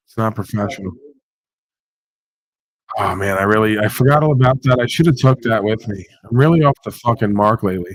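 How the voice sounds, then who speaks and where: A man's voice: lowish voice, no room sound. Sweary, sarcastic male streamer. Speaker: livestream host. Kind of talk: profane casual ranting livestream chat.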